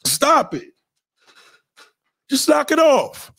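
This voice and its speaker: A man hosting a livestream, ranting loudly and profanely and mocking people with quoted voices. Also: high voice, very animated, normal speed, slight background noise. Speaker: livestream host.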